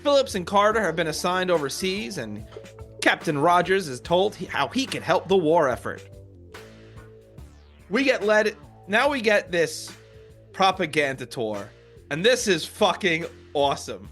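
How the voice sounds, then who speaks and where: A man's voice: sits high, big pitch swings, measured pace, a bit bright, soft background music. A man co-hosting a podcast, chatting about movies in a blunt, opinionated way. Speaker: podcast co-host. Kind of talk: casual movie chat.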